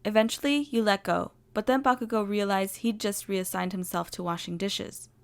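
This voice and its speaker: A woman narrating fan fiction in an expressive, animated reading voice. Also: medium pitch, normal speed, creaky. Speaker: story reader.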